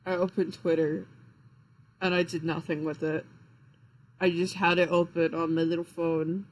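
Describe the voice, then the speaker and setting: A young man rambles through stories on a live stream, swearing freely and tripping over his own restarts. He sounds sleepy and unhurried, with a casual, offhand delivery. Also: a little high, flat delivery, poor audio. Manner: rambling, profane, frequent fillers and restarts. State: tired, yawning.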